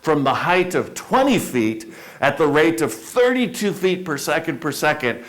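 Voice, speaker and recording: A man's voice: on the high side, sing-song, measured pace. A man giving a humorous, self-deprecating storytelling talk to a club audience in a meeting room. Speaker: motivational speaker.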